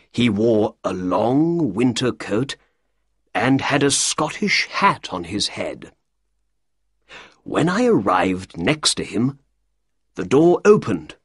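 A man reading a story aloud as an audiobook, in the first person, with a slow, clear delivery. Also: medium pitch, no room sound, studio quality. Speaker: audiobook reader.

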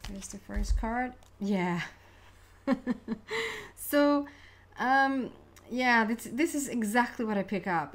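A woman giving a casual, chatty tarot reading, excitable and quick to laugh, often restarting her words. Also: a little high. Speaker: tarot card reader.

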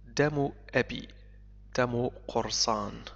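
A male English teacher whose first language is Arabic reads a story aloud and translates it line by line, speaking slowly and repeating key words for learners. His medium-pitched voice has vocal fry and is a bit bright. The recording is echoey, dull, and lo-fi.

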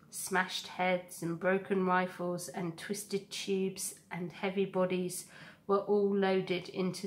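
A woman teacher reading a children's novel aloud to a class in a slow, steady storybook manner. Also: on the low side, a little hiss or hum.

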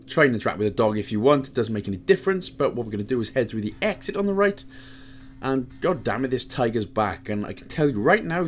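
A man from Wales talks through a video game walkthrough in a casual, chatty way, tossing in jokes as he goes. His pitch sits in a middle range but swings widely and expressively from line to line. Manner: chatty, jokey asides, lively pitch swings. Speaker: game guide host.

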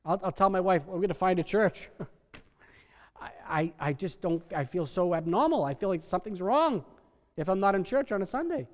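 Emphatic high-voiced preacher in a reverberant hall. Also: male voice, animated, moderate pace. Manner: emphatic preacher, swings from soft to loud. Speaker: pastor. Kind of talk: sermon. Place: church sanctuary.

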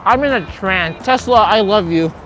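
A man hosting an energetic food challenge vlog, excitable and playful, exclaiming often. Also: sits high, normal speed, over loud music. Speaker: vlogger host.

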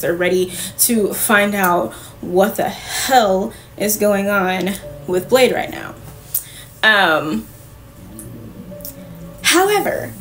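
Slow-talking woman recapping comics. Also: mid-range voice, a little hiss or hum. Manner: chatty, frequent "like" fillers, casual swearing; addresses viewers directly. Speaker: comic book reviewer. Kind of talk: casual recap vlog.

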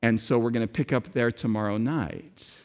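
Emphatic preacher in a reverberant hall. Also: male voice, mid-range voice, fairly even intonation, a little mellow. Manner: emphatic preaching with dramatic pauses and repetition. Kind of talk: sermon. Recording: long reverb of a large hall.

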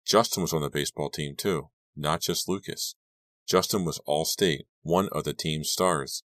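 A man narrating a teen horror audiobook in the first person, reading in a steady, measured way. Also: extremely low pitch, dry recording, studio quality.

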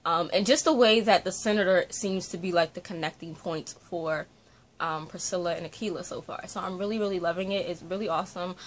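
A woman vlogging a casual book review from her bedroom, talking into a phone on a selfie-stick tripod, rambling and animated with lots of fillers. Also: lowish voice, fairly quick, slight background noise. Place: bedroom at home.

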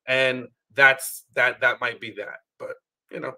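A man's voice: mid-range voice, normal speed. A man co-hosting a podcast, chatting casually about a reality show, telling stories with lots of laughter and quoted asides. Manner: animated storytelling, quotes people in playful voices, laughs often. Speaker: podcast co-host. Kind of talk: casual reality-TV recap chat.

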